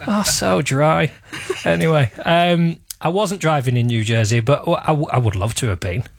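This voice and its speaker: A man's voice: fairly high pitch, moderate pace, vocal fry. A man hosting a radio show, chatting in a jokey, rambling, self-deprecating way. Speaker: radio host. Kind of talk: casual radio chat.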